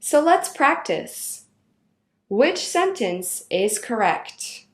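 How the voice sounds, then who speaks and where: A woman reading out a grammar lesson in a clear, instructional way. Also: medium pitch, sing-song, echoey room. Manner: slow, clear instructional delivery. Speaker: teacher. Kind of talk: scripted lesson narration.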